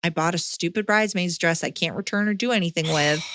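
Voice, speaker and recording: A woman's voice: on the low side, brisk, a bit bright, no room sound, studio quality. A woman hosting a podcast, reading a listener's letter aloud and breaking in with blunt, swearing reactions. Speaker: podcast host.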